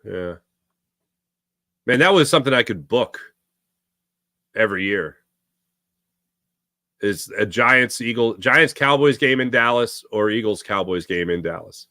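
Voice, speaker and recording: A young man hosting a live sports talk show, his voice swinging up and down with lots of energy. His tone is bright and forceful as he rambles and reads out viewers' comments. The sound is close and dry, with no room echo. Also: fairly low pitch, animated, a little slow, pauses often. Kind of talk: casual live-stream chat.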